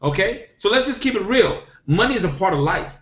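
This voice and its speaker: A middle-aged man speaks in a somewhat high voice, pressing his points and circling back to them with a repeated "okay?". The sound is dull and lo-fi from a video call, with an echoey room around him. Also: big pitch swings, a little fast, a bit bright. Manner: emphatic, repetitive, punctuates with "okay?". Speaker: network marketing distributor. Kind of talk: motivational hangout talk.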